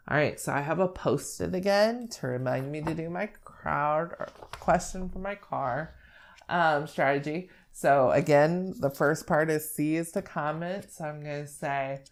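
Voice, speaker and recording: A young woman speech therapist explaining how to model language during a read-aloud, in an animated teaching manner. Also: deep voice, measured pace. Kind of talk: instructional talk with read-aloud.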